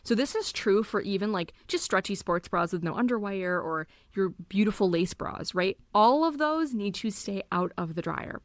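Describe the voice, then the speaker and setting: A chatty woman podcast host who explains things like a friendly teacher, animated and emphatic. Her mid-pitched voice sounds close and dry, with no room echo. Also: moderate pace, hardly any pauses. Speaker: podcast host and bra fitter. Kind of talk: casual solo podcast teaching.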